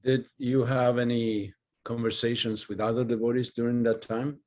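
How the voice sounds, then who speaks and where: Man asking a plain, even question. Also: mid-range voice, moderate pace. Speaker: interviewer.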